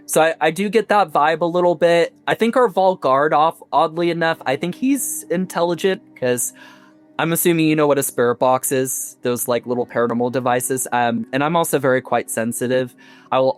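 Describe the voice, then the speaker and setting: Man, tour guide, chatty, many fillers and restarts, mid-range pitch, faint background music. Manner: chatty, full of fillers and self-corrections. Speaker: mansion tour guide and resident. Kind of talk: casual storytelling interview. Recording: soft music underneath.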